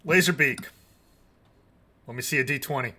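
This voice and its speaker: A man narrating combat as game master of a tabletop game, in a deliberate, measured way. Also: medium pitch, pushed and bright.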